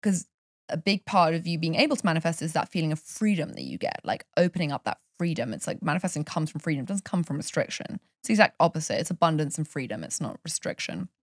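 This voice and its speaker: A woman's voice: sits low, fast talker, dry recording, clean studio sound. A woman from Europe, a life coach chatting on a podcast and telling stories with passion. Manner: passionate, animated storytelling. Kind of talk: casual podcast chat.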